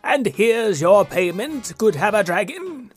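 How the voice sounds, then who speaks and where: A man's voice: high voice, big pitch swings, unhurried, soft background music. Figure: Abacus, pompous eccentric wizard played by a man. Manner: grand, swooping. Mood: pompous, delighted. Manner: grand, theatrical, swooping delivery. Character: pompous male wizard, eccentric and self-important.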